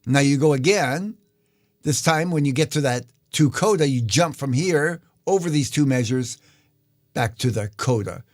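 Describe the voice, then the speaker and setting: Relaxed man teaching a live lesson. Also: on the high side. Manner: relaxed, explanatory, many fillers. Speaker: guitar teacher.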